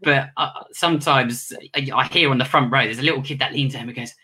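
A ventriloquist talks casually about his work in a bright, forceful voice. He rambles and restarts his sentences often, as if thinking aloud. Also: mid-range voice, fast talker, hardly any pauses, husky. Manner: rambling, with many restarts and self-corrections. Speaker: ventriloquist and magician. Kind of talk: casual interview answers.

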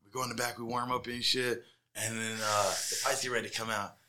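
A middle-aged man on a casual podcast, telling his fight stories with animated energy and plenty of swearing. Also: medium pitch, fairly quick, a little hiss or hum. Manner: animated storyteller, heavy swearing.

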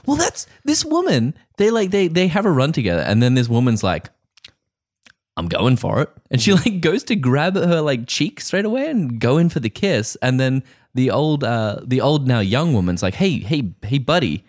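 A male podcast co-host recaps scenes crudely and wryly in casual comedic chat, acting out quoted voices as he retells them. His medium-pitched, darkish voice is very animated at a normal speed, recorded dry in studio quality.

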